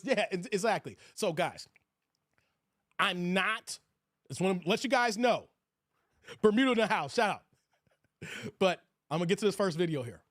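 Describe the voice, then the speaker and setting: A man hosting a livestream, giving loud, crude commentary and reading out his chat. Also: high voice, no echo, studio quality. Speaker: host of a livestream commentary show.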